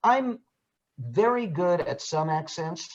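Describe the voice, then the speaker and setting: Speaking slowly in a high-pitched voice, this older Brooklyn man, an actor and audiobook narrator, spins stories in a casual interview. He restarts often, uses fillers and drops into character voices. The recording is slightly dull and lo-fi.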